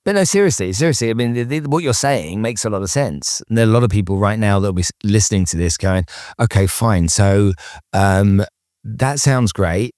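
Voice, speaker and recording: A man's voice: on the low side, lively intonation, quick pace, hardly any pauses, a little mellow, dry recording, studio quality. A man hosting an interview podcast, talking emphatically with many restarts and checking in with "okay?". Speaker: podcast host. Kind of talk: casual interview chat.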